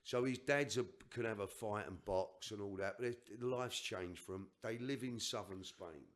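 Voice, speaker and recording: A man's voice: lowish voice, moderate pace. An older man on a podcast, telling a personal story in an emphatic, rambling way with restarts and asides. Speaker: podcast guest.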